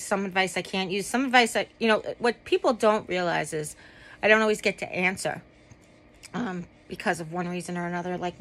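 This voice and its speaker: A woman's voice: mid-range voice, a bit bright, rough recording. A woman vlogging casually from home while lying down, rambling with many ums and asides. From United States. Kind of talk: casual chat to camera.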